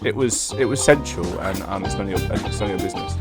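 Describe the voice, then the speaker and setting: A man's voice: sits low, quick pace, over loud music. A man on a comedy podcast, flustered and teasing and often giggling. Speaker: podcast co-host. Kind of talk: casual comedic chat.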